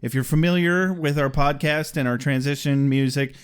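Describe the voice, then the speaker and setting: A man's voice: a little high, normal speed, clear, resonant tone. A man co-hosting a podcast in casual chat, joking and laughing often. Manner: laughing, joking, tries silly accents. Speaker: podcast co-host.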